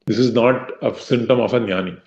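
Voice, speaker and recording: A man's voice: mid-range voice, a little fast, a little mellow. A man giving a devotional scripture lecture in a conversational way, acting out inner voices with many fillers. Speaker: devotional speaker. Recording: roomy, slightly dull recording.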